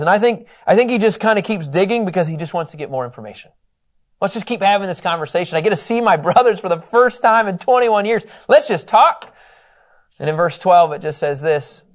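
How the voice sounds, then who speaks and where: A man teaching a Bible lesson in a conversational, animated way, acting out the quotes. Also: high-pitched, a little fast.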